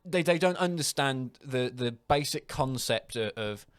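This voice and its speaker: A man's voice: medium pitch, animated, unhurried, smooth, dry recording. Give me a young man rambling through a retail story with frequent laughter, recorded dry. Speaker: podcast host. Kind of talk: casual chat.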